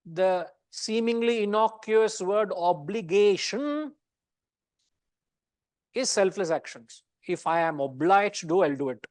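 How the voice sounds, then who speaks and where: A middle-aged man with an Indian English accent gives a Gita lesson in a loose, teasing, talkative way, dropping in Indian words. His voice sits high for a man. The sound is close and dry. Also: no echo. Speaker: Gita teacher. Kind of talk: lecture to a study class.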